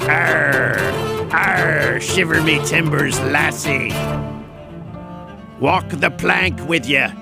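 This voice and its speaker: A man putting on a gruff cartoonish pirate voice with growled pirate slang, over music. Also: fairly high pitch, extremely slow, heavily acted. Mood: hammy.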